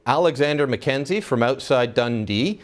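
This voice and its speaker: A man's voice: medium pitch, expressive, normal speed. A man from Canada hosting a casual talk, explaining things conversationally with many fillers. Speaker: host. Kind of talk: casual chat.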